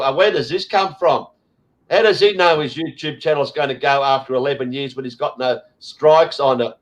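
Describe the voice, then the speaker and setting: A man's voice: on the high side, normal speed, rough recording. An Australian man hosting a casual chat, ranting bluntly with lots of swearing and fillers. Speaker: host.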